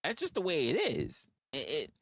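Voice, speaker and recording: A man's voice: on the high side, wildly swooping pitch, moderate pace, a bit bright, no echo, clean studio sound. A man, rambling through profane stories on a casual livestream. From New York. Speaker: livestream host.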